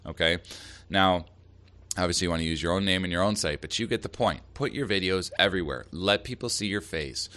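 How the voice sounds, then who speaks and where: Deep-voiced man hosting a podcast. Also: brisk, bright, forceful tone. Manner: upbeat, direct advice with emphasis. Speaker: podcast host. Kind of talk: solo marketing podcast talk.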